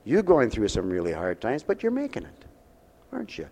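A man's voice: mid-range voice, huge pitch swings, a little fast, gravelly. Folksy preacher man in a reverberant hall. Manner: folksy and pastoral, speaks directly to listeners with call-and-response questions; swings between soft intimate asides and loud rising exhortation. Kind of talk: sermon. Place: mission hall with a congregation. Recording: long reverb of a large hall.

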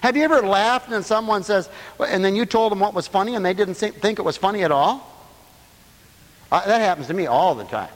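A man preaching a lively sermon, breaking into laughter and playful asides. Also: fairly quick, long reverb tail. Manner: animated, swooping pitch, laughing asides.

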